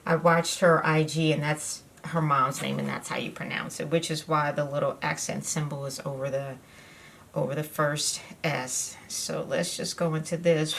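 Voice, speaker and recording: At home, a woman with a lowish, creaky voice does a casual makeup tutorial as a beauty vlogger. Her chatter is easygoing and meandering, with lots of filler words.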